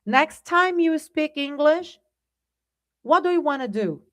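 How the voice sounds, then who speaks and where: A woman teaching a live online English lesson, speaking deliberately and often checking in with "right?". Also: high-pitched, expressive, a bit bright.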